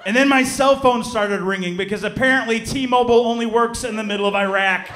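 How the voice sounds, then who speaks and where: High bright-voiced male stand-up comic. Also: fairly quick, echoey room. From Chicago. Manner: animated storytelling, shouting punchlines, acting out voices. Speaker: stand-up comedian. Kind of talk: stand-up comedy set. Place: theater stage before a live audience.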